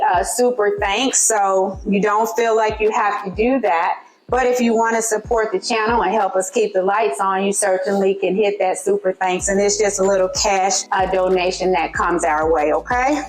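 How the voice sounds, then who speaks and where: A woman's voice: mid-range voice, poor audio. A woman with a Southern US accent hosting a cooking video in her home kitchen, chatting to viewers as she works and checking in with frequent okays. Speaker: cooking channel host. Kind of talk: casual cooking demonstration.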